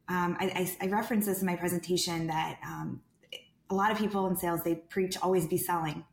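A woman guest on a podcast who speaks calmly and deliberately, with a soothing tone. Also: mid-range voice. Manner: calm, deliberate, soothing delivery. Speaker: sales director, guest. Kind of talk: podcast interview answers. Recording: roomy echo.

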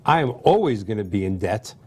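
A man's voice: fairly low pitch, very animated, a little fast, mellow, slightly rough. Joking middle-aged man from New York. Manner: joking, chatty, asks guest questions. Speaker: host. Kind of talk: casual talk show chat.

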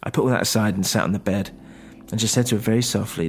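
Low-voiced man narrating a story. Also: steady tone, fast, a little hiss or hum. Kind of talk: first-person story narration.

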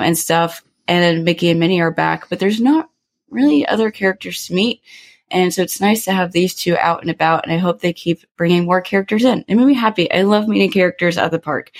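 A woman with a fairly low voice is chatting casually as a podcast co-host. She tells her story in a loose, rambling way, full of ums and likes. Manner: chatty storytelling with many fillers. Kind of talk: casual chat.

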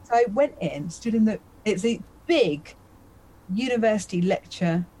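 A husky-voiced woman in her fifties spins a personal anecdote for a podcast host, moving quickly from scene to scene. She acts out her own thoughts along the way, and her voice is mid-pitched with a breathy edge. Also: animated, mellow, rough recording. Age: 50s. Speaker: podcast guest, magician. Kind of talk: animated storytelling in a conversation.

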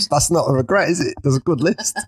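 A man's voice: a little high, fairly quick, a little hiss or hum. A man co-hosting a podcast in casual banter, with a teasing, dry manner. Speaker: podcast co-host.

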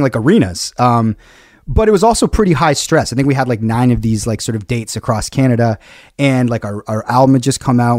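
A man telling a rambling story on a podcast, full of "like" and "uh" and false starts. His voice sits at a middle pitch and is close to the mic. The sound is dry, with no room around it. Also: darkish tone, no room sound. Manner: rambling, many fillers and restarts. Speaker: podcast co-host. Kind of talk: casual storytelling chat.

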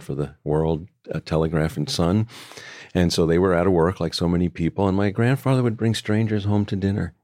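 An older man, a book author talking as a guest, speaking in a thoughtful, measured way with frequent restarts. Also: low-pitched, dark tone, no echo, studio quality. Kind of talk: reflective conversation.

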